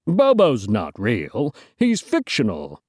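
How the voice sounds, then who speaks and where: Lady reading a kids' story aloud, slow and super sing-song, dry close sound. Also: very deep voice, wildly swooping pitch, darkish tone, husky, dry recording. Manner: playful, joking asides to listeners. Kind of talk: children's storybook read-aloud.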